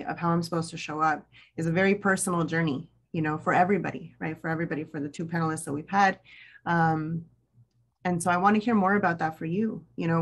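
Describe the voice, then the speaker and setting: A woman host asking thoughtful questions in a measured, searching way, with many "you know"s. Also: sits low. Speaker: interviewer, host of the series.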